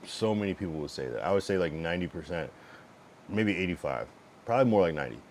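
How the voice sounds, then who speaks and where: A male streamer with a low-pitched, lively voice talks fast to his viewers while fiddling with his stream setup. He's rambling, blunt and profane, with lots of fillers, and there's slight background noise.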